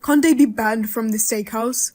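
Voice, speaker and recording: A woman's voice: a little high, moderate pace, a little mellow, natural voice. A woman voicing a blunt, outraged mother-in-law who jokes darkly and talks sharply. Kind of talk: dramatized story voice-over.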